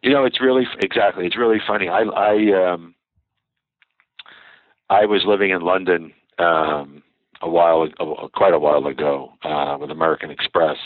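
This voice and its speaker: Older man, interview guest, storyteller, acts out quoted dialogue, lowish voice, dry close sound. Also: fairly even intonation, normal speed, dry recording. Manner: anecdotal, acts out quoted dialogue, frequent "you know". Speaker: guest, former bank executive. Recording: tinny phone-like line.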